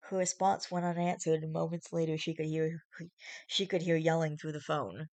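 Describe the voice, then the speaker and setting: Give me a woman reading fan fiction aloud to a webcam, with casual, chatty asides. Her voice sits a little low. The sound is dry and close. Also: steady tone, normal speed, a little mellow, dry recording. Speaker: story reader.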